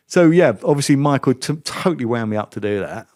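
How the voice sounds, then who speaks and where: A middle-aged man, a former racing driver and podcast guest, telling a story in a lively, self-mocking way and acting out the dialogue. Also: mid-range voice, a little fast, hardly any pauses. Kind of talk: anecdotal storytelling interview.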